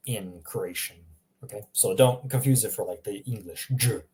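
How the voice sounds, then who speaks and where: A man giving a casual language lesson, saying example words again and again in a relaxed way with small laughs. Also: lowish voice, normal speed. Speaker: language teacher.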